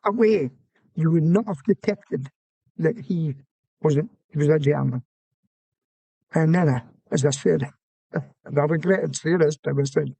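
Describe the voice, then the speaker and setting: A man's voice: a little high, unhurried, creaky, pauses often, dark tone, slightly rough, no echo. An older man with an Aberdeen Scottish accent, a former soldier telling rambling anecdotes in an interview and acting out the dialogue. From Scotland. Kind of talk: storytelling interview.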